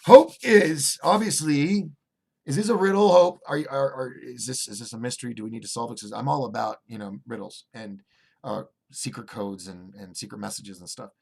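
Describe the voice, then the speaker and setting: A man hosting a casual livestream, reading viewer chat aloud and rambling through restarts and fillers, swinging between excited bursts and low asides. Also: brisk, creaky, husky. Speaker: host of a call-in livestream show.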